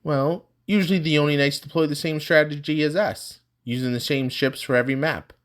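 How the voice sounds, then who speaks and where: A man voicing an easygoing young male student who stays calm. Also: fairly high pitch, a little fast, pitched above the performer's own voice, lightly acted.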